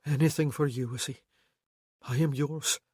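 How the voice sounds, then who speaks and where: An audiobook narrator voicing a bold, lusty male Highland warrior who speaks in a low, hoarse growl, in a dry recording. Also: fairly even intonation, normal speed, a little mellow, no echo, lightly acted. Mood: tender.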